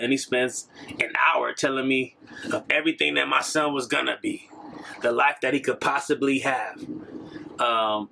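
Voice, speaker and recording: A man's voice: mid-range voice, vocal fry, a bit bright, a little hiss or hum. A young adult man from the United States earnestly telling a personal story, reflective, with fillers and restarts. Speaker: podcast storyteller. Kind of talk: personal testimony talk.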